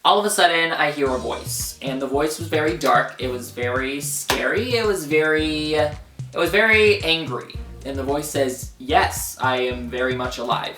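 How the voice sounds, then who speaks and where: A man's voice: on the high side, moderate pace, pushed and bright, far from the mic. A young man around twenty telling a dramatic story time on his vlog, full of "like" fillers. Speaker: vlogger. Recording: roomy echo, off-mic, faint music.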